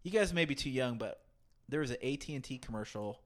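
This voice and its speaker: A man's voice: medium pitch, animated, fast talker. A man in a casual chat among friends, making jokey, squeamish asides.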